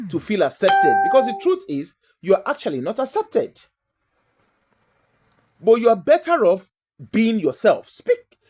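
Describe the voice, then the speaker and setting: A woman's voice: fairly low pitch, dark tone. A woman from Nigeria with a Nigerian accent, talking in a chatty, emphatic and digressive way as the host of a casual monologue.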